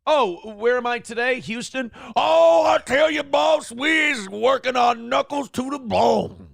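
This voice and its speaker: A man's voice: very high-pitched, unhurried, creaky, no room sound, studio quality, voice pushed up, full character voice. A man mocking a pandering politician who puts on a folksy drawl. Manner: exaggerated drawl, shouted.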